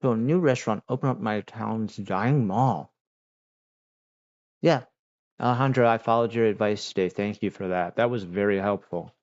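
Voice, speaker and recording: A man's voice: on the low side, normal speed, a little mellow. A man hosting a livestream, chatting with viewers in a laid-back, slangy way full of fillers. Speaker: livestream host answering chat. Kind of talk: casual livestream chat. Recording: dull lo-fi sound.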